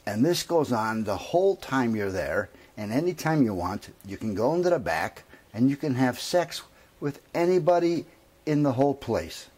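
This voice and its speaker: A man's voice: mid-range voice, expressive, moderate pace, a little mellow, slightly rough. A man voicing a naive, earnest traveler from Cleveland describing his tavern.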